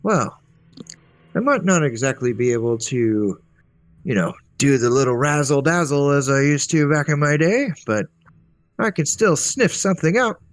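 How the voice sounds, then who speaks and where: A man's voice: on the high side, expressive, normal speed, no room sound, pitched above the performer's own voice, close to an everyday voice. A man putting on a rambling old wizard. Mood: musing, cheerful. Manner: rambling, chipper, absent-minded. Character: befuddled old male wizard, rambling and forgetful.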